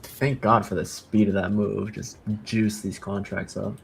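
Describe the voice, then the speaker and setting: Gravelly man calling live trades. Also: lowish voice, a little slow, a little hiss or hum. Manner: excitable, swearing, calls out trade orders. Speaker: day trading streamer. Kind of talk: live trading commentary. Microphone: headset over voice chat.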